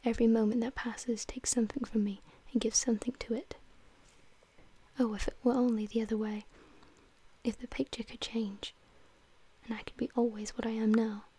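A woman's voice: a little high, little pitch movement, normal speed, warm tone, slightly rough. Woman whispering as a despairing vain young man, whispered role-play. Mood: anguished.

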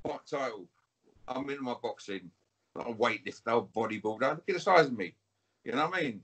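Interviewed over a video call, a British man taunts and trash-talks a rival, repeating himself and calling the listener "mate" again and again. His medium-pitched voice is expressive, brisk, fairly bright and husky.

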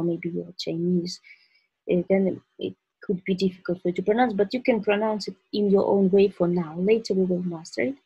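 A woman's voice: fairly low pitch, dark tone, breathy edge, no room sound, muffled recording. A woman with a Russian accent teaching the alphabet, patiently saying each letter and example word and repeating them. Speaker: language teacher. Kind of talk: alphabet lesson with spoken examples.

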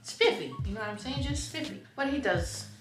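A woman's voice: high-pitched, expressive, a little fast, echoey room, music in the background. A talkative young woman from Hawaii, chatting casually with her husband on camera and laughing often. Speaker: vlogger answering couple questions. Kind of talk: casual chat.

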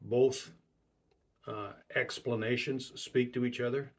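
A man delivers a sermon in a slightly husky voice, pitched in the middle range for a man. He preaches emphatically and repeats key phrases to drive each point home. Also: moderate pace.

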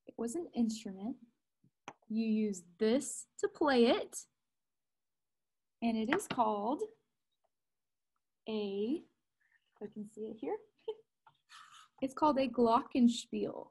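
High, slow-spoken woman teaching children's music. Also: husky, rough recording. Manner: gentle, patient, speaks slowly and simply to small children. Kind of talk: recorded music lesson for young children.

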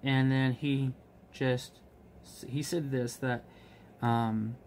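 A man of middle pitch tells a workplace story in an easy, rambling way. He fills his talk with ums and restarts and livens up when he quotes others. A faint hiss sits under the recording. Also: steady tone, extremely slow, a little mellow. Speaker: vlogger, restaurant manager. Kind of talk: casual storytelling while crafting.

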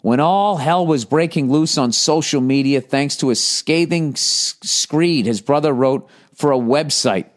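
Profane ranting man, fairly high voice. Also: unhurried, few pauses. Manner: profane, mocking, laughs while reading aloud. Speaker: podcast host. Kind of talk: comedic podcast rant.

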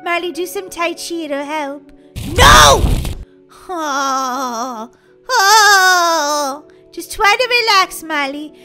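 A woman role-playing in a game, excitable and dramatic, giggling and crying out in playful panic. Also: very high voice, moderate pace, faint music behind.

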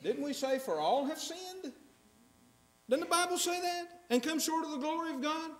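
A man's voice: very high voice, lively intonation, moderate pace. A man preaching a sermon in a church, emphatic and often asking the congregation questions. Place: church sanctuary. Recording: echoey church sanctuary.

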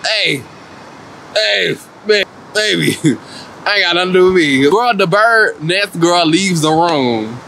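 A man vlogger giving an animated, profane and sassy comedic recap of a reality TV show, laughing often. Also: sits high, takes it slowly, vocal fry, a little hiss or hum.

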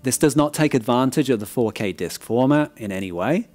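A man's voice: medium pitch, animated, brisk, a little mellow, faint music behind. A man giving a frank, casual review of a film disc, often checking in with "right?" and restarting his words.

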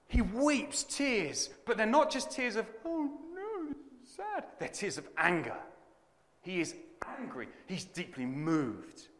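A male preacher delivers a sermon in a lively, dramatic storytelling style. His voice is bright and clear with a slightly high pitch. It rings out with long reverb in a large hall. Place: conference hall.

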